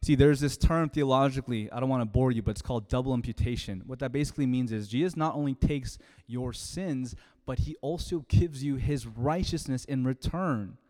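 A man's voice: mid-range voice, fairly quick, few pauses. Man preaching in a reverberant hall. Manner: storytelling, conversational with sudden loud emphasis. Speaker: pastor. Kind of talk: sermon.

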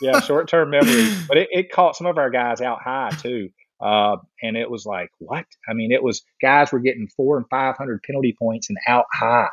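A man's voice: mid-range voice, normal speed, hardly any pauses, no room sound. A man in casual chat, animatedly telling a story and acting out what others said. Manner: animated storyteller, acts out quotes.

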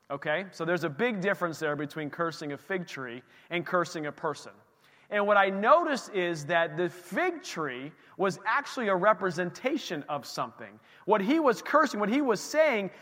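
A man preaching a sermon as pastor of a church, animated, with rhetorical questions and exclamations. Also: high-pitched, moderate pace. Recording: reverberant church hall.

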